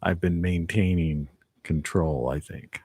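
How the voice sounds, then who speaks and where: A man's voice: deep voice, fairly even intonation, slow, a little mellow, husky. A man hosting a casual live stream from home, rambling and reflective, often trailing off mid-thought. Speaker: live video host.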